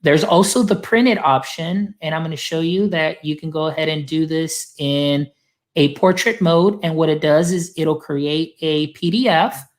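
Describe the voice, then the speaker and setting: Upbeat chatty man walking through software. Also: a little high, a little slow. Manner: upbeat, chatty, lots of filler phrases. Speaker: guest demonstrating software; educator supporting teachers. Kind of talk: casual screen-share tutorial.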